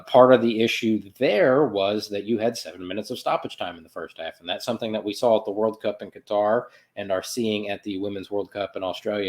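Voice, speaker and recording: A man hosting a soccer podcast, recapping a match in a loose, sarcastic monologue with playful sound effects and self-corrections. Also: fairly low pitch. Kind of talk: casual sports recap monologue.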